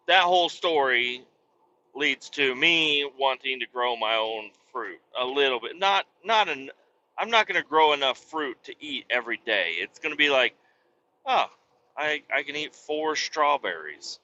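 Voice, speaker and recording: A man's voice: mid-range voice, animated, unhurried, pushed and bright, dull audio, slight background noise. A man talking in a casual, rambling monologue as a podcast host, cursing freely and restarting his sentences often. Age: adult with young children. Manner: rambling, profane, with many restarts. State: hiccuping.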